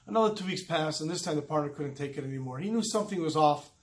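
A man telling a religious folk tale in an animated, dramatic way. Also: fairly high pitch, fast. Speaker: storyteller.

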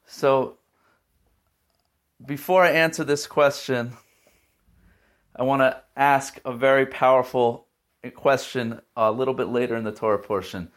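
Male Torah teacher, mid-range voice, earnest and emotional storyteller. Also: mid-range voice. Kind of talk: weekly Torah portion talk.

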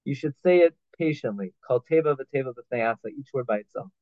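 Man as a Torah teacher, middle pitch, phone-like sound, dry. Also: expressive, a little fast, darkish tone, dry recording. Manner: reads Hebrew phrases then explains them in English, with restarts and fillers. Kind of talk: halacha class, translating Hebrew text line by line. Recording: tinny phone-like line, dry.

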